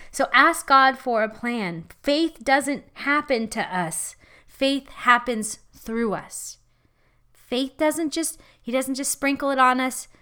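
A woman preaching a sermon in a lively, conversational way, laughing as she talks. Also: fairly high pitch, clean tone.

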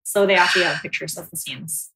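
A woman, a podcast guest telling a ghost story in a casual, animated way and laughing often. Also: fast talker, slightly rough. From Philippines. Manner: animated storyteller, acts out quotes in high squeals, laughs often.

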